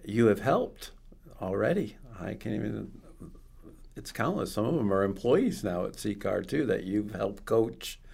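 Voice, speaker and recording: Low, gravelly, husky male host. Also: lively intonation, unhurried, a little mellow. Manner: encouraging, with frequent affirming murmurs. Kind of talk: interview chat.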